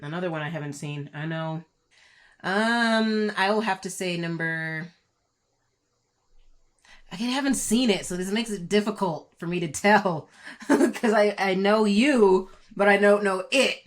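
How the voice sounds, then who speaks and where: A woman's voice: mid-range voice, measured pace. A woman co-hosting a casual game chat over a video call, talking playfully, giggling, with fillers. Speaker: co-host.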